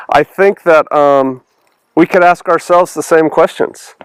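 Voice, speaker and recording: A male pastor delivers a relaxed, chatty sermon, often stopping to quiz the people listening. His voice sits high for a man and comes across smooth and clean, recorded close and dry with no room sound. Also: moderate pace, dry recording, low-quality recording. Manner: casual and animated, asks the congregation questions. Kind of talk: conversational sermon with Bible reading.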